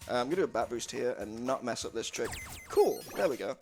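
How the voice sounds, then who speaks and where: A man's voice: medium pitch, expressive, fast talker, over music. A man commentating his own speedrun in a casual, jokey way, laughing often. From United Kingdom. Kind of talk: casual live commentary on a game run.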